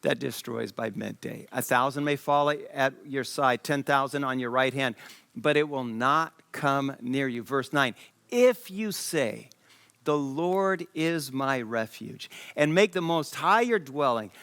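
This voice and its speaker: A man preaching a sermon, reading scripture and telling a lively story with quoted dialogue, from Liberia. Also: mid-range voice, a little slow, gravelly, dry recording. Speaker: pastor. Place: church stage.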